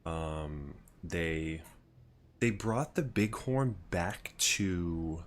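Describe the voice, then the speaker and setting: Deep-voiced man streaming gameplay. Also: very slow. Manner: casual, swears freely, rambling musings; chats with viewers. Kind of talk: live gameplay commentary.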